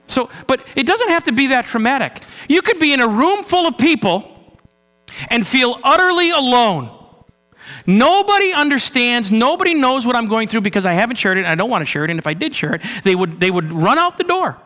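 A man preaching a sermon in a church, earnest, moving between raised urgency and low, hushed passages. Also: very animated, fairly quick. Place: church sanctuary. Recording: long hall reverb with mains hum.

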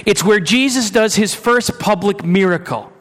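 Male pastor, sermon, chatty questions to the congregation, hushed solemn passages, hall reverb, mains hum. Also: sits high, moderate pace. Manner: conversational preaching with rhetorical questions to the congregation.

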